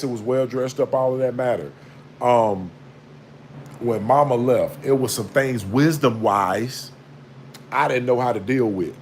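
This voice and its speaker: A man, talking in a blunt, slangy, preachy way that swings between quiet reflection and raised scolding. His voice sits in a middle pitch and is recorded on a phone held low. A faint noise hums underneath. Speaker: vlogger. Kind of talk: casual spiritual monologue. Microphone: phone camera held low.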